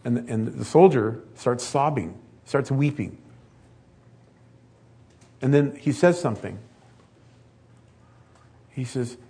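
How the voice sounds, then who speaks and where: A man's voice: mid-range voice, a little slow, long pauses, warm tone, husky. A man preaching a sermon in a conversational way that builds to emphatic peaks.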